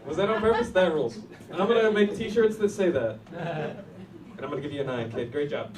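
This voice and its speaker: A man's voice: fairly high pitch, brisk, a crowd in the background. Slangy male comedy show host. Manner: loose, slangy. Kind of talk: casual banter. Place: comedy club. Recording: roomy club sound from a distance. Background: loud audience.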